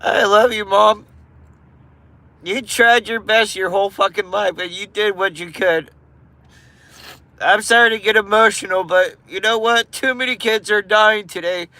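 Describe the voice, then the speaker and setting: A man's voice: sits high, steady tone, measured pace, sharp tone, dry recording. A man livestreaming, giving viewers an earnest, emotional pep talk full of swearing.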